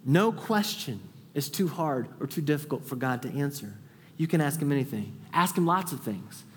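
Preacher guy, kinda high voice, earnest, goes big then real quiet, long echo in the church. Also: expressive, normal speed, a little hiss or hum. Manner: earnest, rises to an urgent high pitch when stressing a point; drops to a soft hush when voicing a prayer. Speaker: pastor. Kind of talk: sermon. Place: church sanctuary. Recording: long hall reverb.

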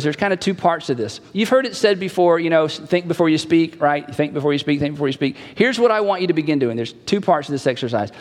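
High-voiced male pastor in a reverberant hall. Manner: conversational, repeats key phrases, acts out quoted dialogue. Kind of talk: sermon.

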